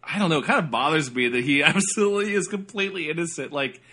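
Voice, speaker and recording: Male podcast co-host, bright tone, playful storyteller. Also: a little high, quick pace, slightly rough. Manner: jokey, does silly voices in anecdotes. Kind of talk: casual chat.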